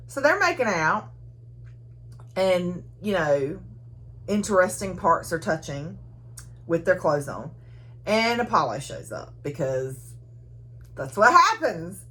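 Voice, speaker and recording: A woman's voice: lowish voice, very animated, slow, pauses often, fairly bright tone, slight background noise. Giggly woman recapping a book. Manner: chatty, giggly, frequent laughter. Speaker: book reviewer.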